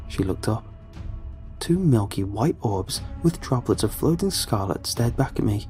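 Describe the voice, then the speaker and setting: A man reads a first-person horror story with measured, ominous pacing. His voice sits low and mellow, with a dark warmth. Faint music plays quietly behind him. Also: lively intonation. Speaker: narrator. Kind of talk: scripted horror narration.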